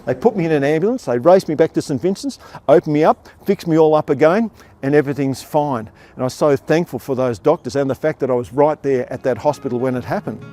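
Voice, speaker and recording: A man's voice: fairly high pitch, fast talker, dark tone. An older man with an Australian accent telling his own life story on stage with wry, self-deprecating humour. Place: theatre stage before an audience.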